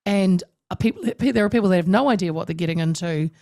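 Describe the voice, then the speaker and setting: A woman's voice: on the low side, fast, no echo, studio quality. A woman hosting a talk show interview, talking emphatically with lots of restarts. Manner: emphatic, animated, with many restarts. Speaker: radio talk show host. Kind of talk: casual interview chat.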